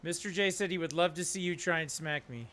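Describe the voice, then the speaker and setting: A middle-aged man streams a video game and chats casually with his viewers, speaking fairly quickly in a voice on the high side. He's chatty and at times turns to his dog with a soft, coaxing voice.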